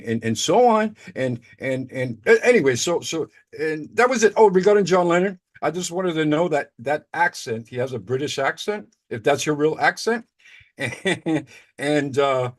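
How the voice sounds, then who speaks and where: A man in a casual video-call chat, talking excitably in rambling stretches, repeating words and trailing off. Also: on the high side. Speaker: participant in an online chat.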